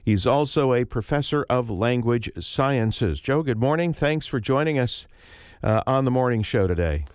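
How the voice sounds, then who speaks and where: A man's voice: medium pitch, expressive, smooth, no room sound. Radio host, male, mid-range voice, dry close studio sound, easygoing interviewer. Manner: friendly, measured interviewer with fillers. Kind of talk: public radio morning show hosting.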